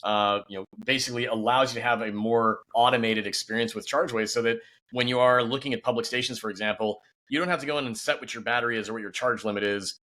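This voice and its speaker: Quick, bright-voiced man in conversation. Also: medium pitch, fairly even intonation. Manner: quick, upbeat, peppered with "you know". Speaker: guest, company founder. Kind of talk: casual podcast interview.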